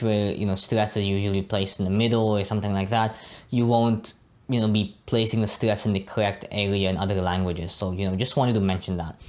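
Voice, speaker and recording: A young man giving a casual Arabic pronunciation lesson, often tagging his sentences with "right?" and "you know". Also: lowish voice. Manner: relaxed, frequently adds "right?" and "you know". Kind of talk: casual teaching monologue.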